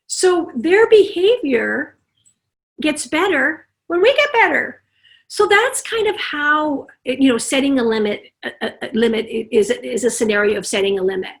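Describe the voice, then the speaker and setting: A middle-aged woman with a high-pitched voice speaks over a video call as a parenting consultant. She talks with animation and slips into the voices of parents and children as she gives her examples. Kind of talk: summit talk on parenting.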